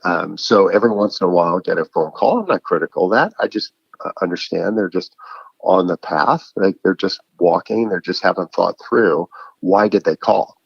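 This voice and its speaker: A man's voice: low voice, normal speed, creaky, breathy edge, dry recording, muffled recording. A middle-aged man, a guest author, talking casually and acting out phone calls in a raised voice. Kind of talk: casual storytelling interview.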